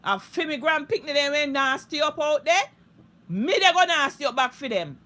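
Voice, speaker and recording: Woman, Jamaican Patois, high voice, sharp bright tone, heated profane live-stream rant. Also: lively intonation, moderate pace. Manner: heated, profane, repetitive ranting. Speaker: social media live streamer.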